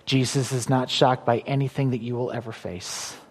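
A man preaching a sermon as pastor. He talks emphatically, repeats key phrases, and swings from loud declarations to hushed, intimate asides. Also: medium pitch, fairly even intonation, moderate pace, breathy edge, big-room sound.

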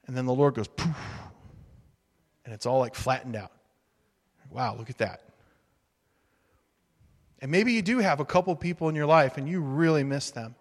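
A man's voice: mid-range voice, lively intonation, normal speed, long pauses. Conversational male pastor in a hall. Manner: conversational, humorous, acts out quotes. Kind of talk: sermon. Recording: reverberant hall.

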